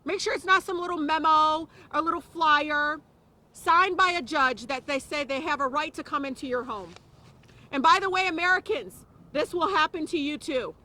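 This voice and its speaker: At a press conference, a female politician speaks with high, bright and forceful intensity at a moderate pace, hammering home points by repeating phrases. At moments she is near tears.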